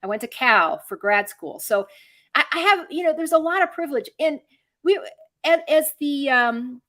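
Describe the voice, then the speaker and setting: A woman's voice: high voice, animated, moderate pace, fairly bright tone. A middle-aged woman from Michigan hosting a political podcast, talking earnestly and rambling with lots of fillers and restarts. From Michigan, USA. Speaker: podcast host. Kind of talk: casual political podcast chat.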